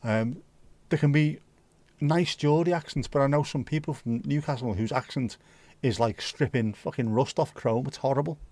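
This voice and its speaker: A man's voice: medium pitch, normal speed, darkish tone, dry recording. A man hosting a livestream, chatting casually and answering viewer comments in a blunt, opinionated way, swearing freely. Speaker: livestream host.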